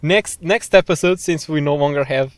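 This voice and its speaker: A man's voice: on the high side, normal speed, no room sound. A man co-hosting a podcast in casual chat, joking and self-deprecating. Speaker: podcast co-host.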